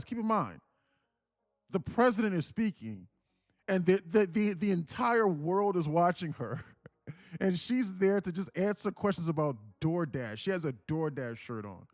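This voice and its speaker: A man chatting casually on a livestream, rambling and repeating himself while he tells a story. His voice sits slightly high and swings widely in pitch. The sound is dry and close. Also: no room sound. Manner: rambling, repetitive, laughs while telling stories. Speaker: livestream trading host.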